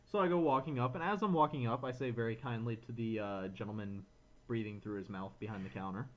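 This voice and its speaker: An animated man co-hosting a casual podcast, telling his story in a mid-pitched voice. He rants with rising frustration and slips into quick impressions of the people he met. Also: dull audio. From Florida, USA. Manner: animated ranting, acts out others in quotes. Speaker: podcast co-host.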